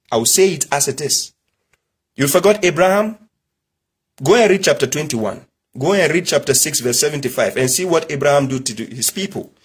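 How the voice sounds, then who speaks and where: Emphatic husky man lecturing. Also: on the high side. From Nigeria. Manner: emphatic, rhetorical questioning. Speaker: religious commentator. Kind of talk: preachy monologue.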